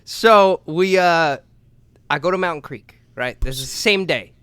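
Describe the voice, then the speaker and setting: A young man co-hosting a podcast, telling a long story in a loose, profane way, acting out voices and shouting at the big moments. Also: on the high side, lively intonation, measured pace, clean tone, no echo. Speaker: podcast co-host. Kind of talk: casual storytelling chat.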